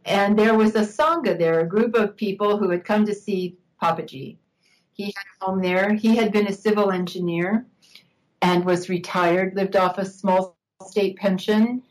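An older woman, an interview guest, telling a personal story in a reflective, unhurried way, laughing now and then. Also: mid-range voice, low-quality recording.

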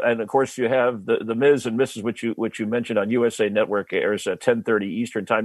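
A man hosting an interview at a medium pitch, asking questions in a loose, conversational way. He often restarts his sentences as he goes. The sound is dry and close. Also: a little mellow, no echo. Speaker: interview host.

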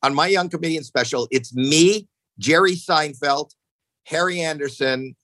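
Man in his 60s, lively storyteller. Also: measured pace, dry recording, low-quality recording. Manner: animated, acts out quotes with jumps in pitch; swears casually, frequent restarts. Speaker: podcast guest. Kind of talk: casual storytelling chat.

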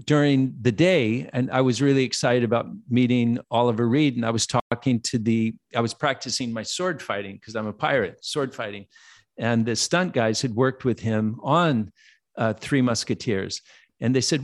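A man in his sixties, a guest actor telling lively anecdotes in a podcast interview, acting out the voices of people in his story. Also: mid-range voice, normal speed. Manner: animated anecdote teller, acts out quoted voices.

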